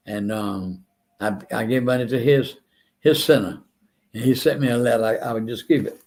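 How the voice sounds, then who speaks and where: An older talk show host rambles through an earnest storytelling monologue, repeating words often and mentioning that he feels a little unwell. His voice is medium in pitch, gravelly and a bit mellow.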